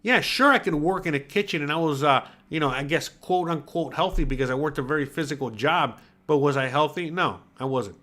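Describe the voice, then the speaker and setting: A man's voice: on the high side, fairly quick, hardly any pauses. A man in his forties hosting his own show, talking bluntly and casually with lots of swearing and filler tags. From United States. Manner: blunt, profane, animated with filler tags like "all right?". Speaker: podcast host. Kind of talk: casual livestream talk reading chat comments.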